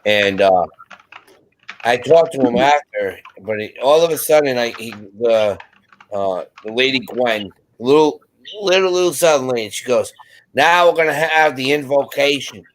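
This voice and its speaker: A man on a video call chatting casually, telling animated stories and acting out what people said. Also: mid-range voice, a little slow. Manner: animated storyteller, acts out quotes. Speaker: panel guest. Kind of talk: casual chat.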